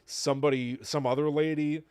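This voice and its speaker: A man's voice: on the high side, level tone, fairly quick, darkish tone, clear, resonant tone, dry recording. A man in his thirties co-hosting a podcast, talking casually and ranting animatedly, with bursts of mocking impressions. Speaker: podcast co-host. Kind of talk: casual chat.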